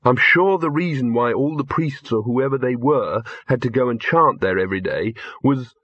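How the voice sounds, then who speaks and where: A man's voice: mid-range voice, normal speed, fairly bright tone, slightly rough, no room sound, highs cut off. A man voicing a nervous young man who talks hesitantly, with fillers.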